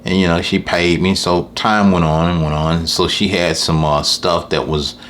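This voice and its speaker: A man with a very low voice tells a rambling story about a lawn care job. He talks casually to camera and keeps repeating what he said. A faint hiss sits behind him. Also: little pitch movement, moderate pace, a bit bright. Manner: rambling anecdote, often repeats "I said". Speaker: lawn care business owner.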